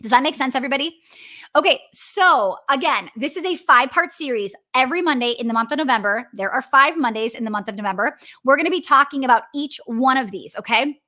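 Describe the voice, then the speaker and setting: A woman's voice: sits high, animated, quick pace, pushed and bright. A woman with a Wisconsin accent, hosting a live business coaching session and answering viewers in a chatty, upbeat way, often checking in with "right?" and "okay?".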